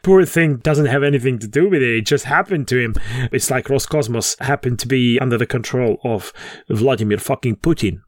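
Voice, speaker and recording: A man's voice: medium pitch, fairly quick, few pauses, dry recording, clean studio sound. A man co-hosting a podcast in casual chat. He jokes, laughs at his own puns and often restarts his sentences. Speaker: podcast co-host.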